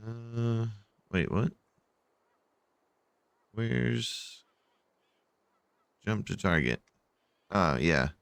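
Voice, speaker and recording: A man's voice: on the low side, expressive, extremely slow, creaky, long pauses, fairly bright tone, smooth, no echo. A sleepy man casually narrating his strategy game, rambling with many fillers and yawns, at a desk microphone at home. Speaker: gameplay channel host.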